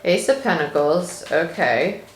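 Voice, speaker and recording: A woman's voice: on the low side, sing-song, measured pace, echoey room, background noise. A woman tarot reader talking casually and animatedly as she reads her cards, thinking aloud as she goes.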